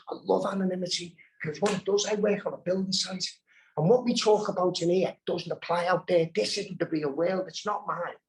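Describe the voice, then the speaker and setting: Gravelly Scouse man, blunt and profane. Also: on the high side, rough recording. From Birkenhead, England. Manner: blunt and profane, heavy swearing. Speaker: recovery workshop speaker. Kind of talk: candid live storytelling. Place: live convention hall.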